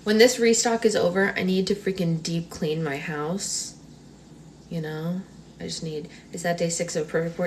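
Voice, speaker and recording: A woman's voice: on the low side, normal speed, darkish tone, a little hiss or hum, low-quality recording. A woman hosting a casual book club live stream from home, chatting as she answers her viewers' comments aloud. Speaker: book club livestream host. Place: at home, on the couch under a blanket. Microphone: phone on a tripod.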